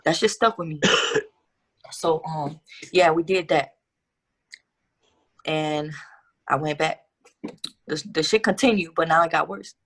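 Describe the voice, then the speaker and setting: A woman's voice: low-pitched, takes it slowly, long pauses, fairly bright tone. A young woman guest telling her life story in a casual interview, candid and profane with street slang.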